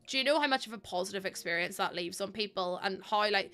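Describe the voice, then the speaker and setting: A woman streamer chatting casually with her live chat, excitable and talkative, laughing often. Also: medium pitch, quick pace.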